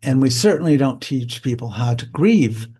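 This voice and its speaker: A man's voice: mid-range voice, animated, normal speed, dark tone, husky. An older man, a psychologist, speaking candidly and reflectively as a guest in a conversational interview. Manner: candid, plain-spoken, reflective.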